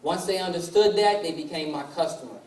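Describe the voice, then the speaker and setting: A man's voice: on the high side, a little fast. A man in his twenties giving a motivational business presentation, telling stories and acting out family dialogue. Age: 20s. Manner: storytelling that acts out family dialogue. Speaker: sales presenter. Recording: echoey hall from far off, faint ambience.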